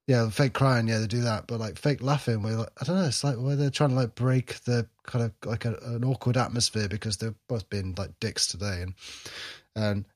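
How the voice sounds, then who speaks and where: A man's voice: mid-range voice, fairly even intonation, a little fast. A man in casual podcast banter with an ordinary mid-range voice. He rambles, trips over his words and pokes fun at himself. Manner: rambling, hesitant, self-mocking. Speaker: podcast co-host and producer.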